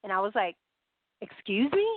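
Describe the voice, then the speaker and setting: This podcast guest is a new woman from New York, telling a story conversationally on a tinny line with dry, echo-free, phone-like sound. She speaks in a mid-range voice at a moderate pace, animatedly acting out dialogue with plenty of fillers.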